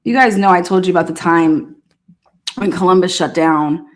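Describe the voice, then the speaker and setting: A woman casually telling a profane, animated story, often laughing and acting out what people said. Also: fairly low pitch, moderate pace. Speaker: storyteller recounting past events. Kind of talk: casual anecdote.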